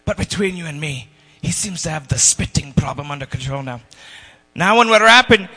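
A man's voice: a little high, expressive, brisk, pushed and bright, husky, pitched below the performer's own voice, heavily acted. A man voicing a goofy, self-important Scottish rapper who rambles and laughs at his own jokes, with a Scottish accent. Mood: boastful. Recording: long hall reverb.

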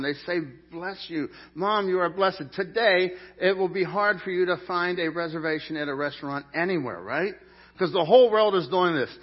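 Middle-aged male pastor, lively jokey sermon, slightly high voice, muffled lo-fi recording. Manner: animated, jokey preaching with sudden loud peaks. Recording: dull lo-fi sound.

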